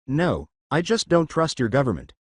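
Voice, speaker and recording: A man's voice: medium pitch, wildly swooping pitch, moderate pace, husky, dry recording. A man voicing a laid-back, sardonic young American man with an offhand manner. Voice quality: dry, offhand.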